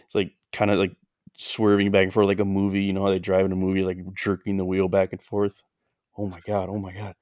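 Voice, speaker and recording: A man's voice: low voice, completely flat delivery, quick pace, darkish tone, clean tone, dry recording. A man co-hosting a casual chat, telling a story with lots of fillers and frequent laughs. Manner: rambling, laughs often, many "like" fillers. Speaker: podcast co-host.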